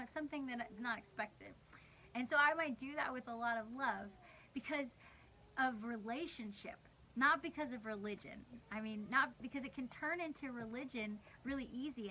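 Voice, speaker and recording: A woman's voice: on the high side, pushed and bright, a little hiss or hum. A woman in her thirties leading a livestreamed church devotional, telling a personal story in a rambling, candid way and laughing often mid-sentence. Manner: rambling, conversational storytelling with many restarts. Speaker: worship leader sharing a devotional.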